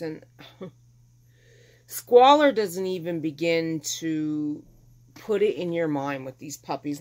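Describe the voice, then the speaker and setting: In a fairly low, slightly mellow voice, a middle-aged vlogger rambles casually through the tale of her rescue. She performs the things people said along the way.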